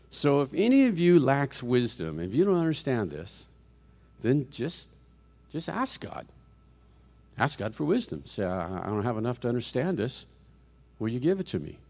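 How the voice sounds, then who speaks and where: A middle-aged man giving a sermon in a church sanctuary, talking plainly to the congregation. He stumbles and restarts often, tosses out rhetorical questions, and his voice sits at an ordinary mid pitch. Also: darkish tone. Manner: conversational, halting with frequent restarts, rhetorical questions. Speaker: guest speaker.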